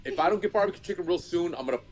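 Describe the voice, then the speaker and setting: A man who is drinking, ranting loudly and swearing nonstop as a regular guest on a podcast. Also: high voice, rapid-fire, faint music behind. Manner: loud, swearing nonstop, rambling. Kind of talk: profane comedic rant.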